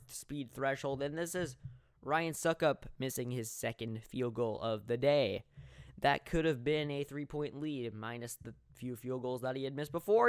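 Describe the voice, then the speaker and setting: A young man commentating his own football video game in a mock sports play-by-play style, jokey and laughing at his plays, swelling with excitement on big moments. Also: mid-range voice, normal speed, clear, resonant tone, dry recording, studio quality. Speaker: gameplay commentator.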